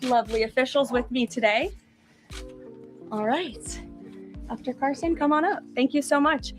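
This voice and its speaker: A woman's voice: sits high, normal speed, music in the background. A woman spokesperson opening a formal press briefing in a polished, upbeat, welcoming way.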